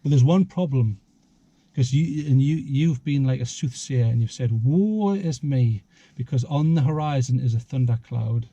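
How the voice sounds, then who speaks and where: A man's voice: medium pitch, fairly even intonation, normal speed, warm tone, husky, dry recording, muffled recording. Joking man outdoors. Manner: joking, rambling, chuckles often. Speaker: vlog host. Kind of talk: casual outdoor chat. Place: outdoors in a small town street.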